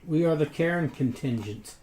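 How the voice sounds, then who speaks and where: Mid-pitched player, quick jokes and chuckles, roomy echo. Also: animated, warm tone, slight background noise. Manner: jokey, chuckling asides. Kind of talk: casual tabletop play.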